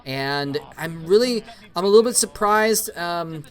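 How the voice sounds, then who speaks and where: Excitable solo esports commentator, man. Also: a little slow. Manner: excitable, bursts into high-pitched cheering at big plays; stammers and repeats words when excited. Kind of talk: solo play-by-play commentary over an old match.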